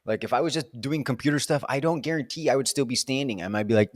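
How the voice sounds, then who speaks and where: A man's voice: medium pitch, fast talker, few pauses, a little mellow, no echo, studio quality. A man in a casual solo vlog, rambling through reflective questions and talking to himself in a playful, self-deprecating way while standing up to film. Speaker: vlogger answering reflective questions. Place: indoors, standing while filming.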